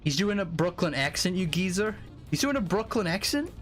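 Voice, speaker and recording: A man streaming a game, chatting casually with viewers in an excitable, profane, rambling way. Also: high-pitched, a little fast. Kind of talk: casual live-stream chat. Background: faint music.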